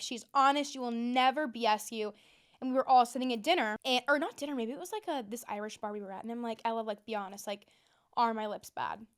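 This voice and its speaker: A young woman in her twenties, a podcast host telling a story in a chatty, animated way with lots of fillers. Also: on the high side, clean tone. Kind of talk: casual storytelling monologue.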